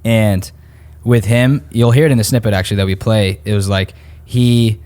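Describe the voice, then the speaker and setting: A male podcast co-host walking through takeaways in a relaxed, rambling way. His voice sits somewhat low, and his tone stays conversational. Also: moderate pace. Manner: explanatory, rambling, laid-back. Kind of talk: casual podcast chat.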